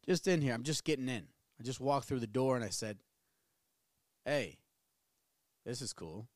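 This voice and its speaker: A man's voice: medium pitch, animated, moderate pace, no room sound. Podcast host, thirties, male, mid-range voice, profane and rambly, self-mocking, dead-dry room. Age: 30s. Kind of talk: casual solo podcast rant. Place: small home studio.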